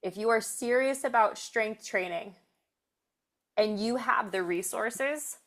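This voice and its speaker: A woman's voice: a little high, takes it slowly, fairly bright tone. A woman hosting a podcast, a strength coach giving earnest, encouraging advice in casual conversation. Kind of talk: casual interview chat.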